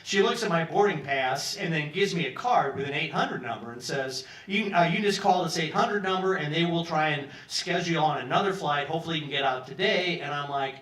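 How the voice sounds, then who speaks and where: A man's voice: a little high, a little fast, few pauses. A man in his sixties from Peoria telling a long personal story on a pub stage, acting out the other people's lines and swearing freely. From Peoria, Illinois, US. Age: 60s. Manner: animated, acts out other people's lines, profane. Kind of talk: live storytelling monologue. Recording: roomy, from some distance.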